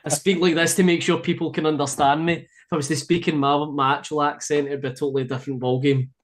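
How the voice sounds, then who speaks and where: A man's voice: fairly high pitch, flat delivery, quick pace. Easygoing Scottish man, Glasgow accent. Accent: Scottish, Glasgow area. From Scotland. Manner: chatty, easygoing, many fillers and restarts. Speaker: podcast guest. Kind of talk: casual chat.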